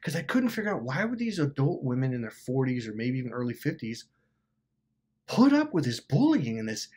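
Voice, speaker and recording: A man's voice: medium pitch, brisk, breathy edge. A man hosting a self-help video, telling a personal story in a casual, rambling way with swearing and lots of fillers. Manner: animated, profane, rambling with many fillers.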